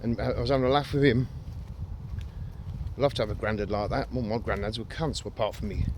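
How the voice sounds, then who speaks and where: A man's voice: on the low side, quick pace, darkish tone, slight background noise. A middle-aged man vlogging outdoors by a river, talking in a blunt, sweary, rambling way. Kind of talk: casual outdoor vlog rant.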